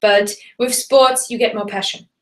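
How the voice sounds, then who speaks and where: A woman's voice: mid-range voice, fairly even intonation, measured pace. A woman hosting a live webinar as a German teacher, talking casually and hopping between German and English with fillers and restarts. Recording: roomy echo.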